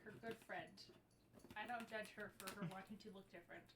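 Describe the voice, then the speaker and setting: A woman's voice: medium pitch, steady tone, a little fast, reverberant, noisy background. A woman playing a tabletop role-playing game, eagerly asking questions in character and between laughs. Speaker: player. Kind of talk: casual tabletop role-play.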